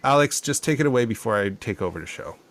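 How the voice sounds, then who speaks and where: A man in his thirties, an actor co-hosting a podcast over a video call from home, talking fast and excitably in casual chat. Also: mid-range voice.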